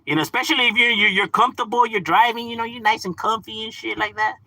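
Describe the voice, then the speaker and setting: A man chatting casually, mixing English and Spanish, animated and profane. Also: high-pitched, fast talker, dry recording. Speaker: livestream host. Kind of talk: casual chat.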